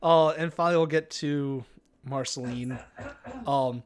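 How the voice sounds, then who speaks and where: A man's voice: medium pitch, fairly even intonation, unhurried. A man running a tabletop game on a live stream, rambling casually and swearing freely. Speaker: game master.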